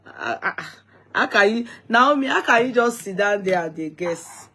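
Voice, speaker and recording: A woman's voice: mid-range voice, expressive, normal speed, pushed and bright, soft background music. A woman, hosting a casual live stream, talking to viewers while she is tired and yawning. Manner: chatty, addresses viewers directly.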